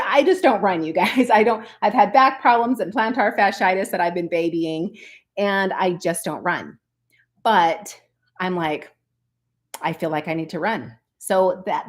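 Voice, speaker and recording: A woman who coaches online business, talking to her viewers in an earnest, chatty way and often calling them "you guys". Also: fairly low pitch. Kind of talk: casual motivational vlog talk.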